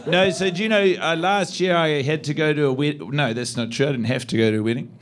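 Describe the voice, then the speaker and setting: A man's voice: fairly high pitch, fast. A man doing a stand-up set, teasing the audience in a sarcastic, mock-earnest way. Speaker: stand-up comedian. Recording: live venue with audience laughter.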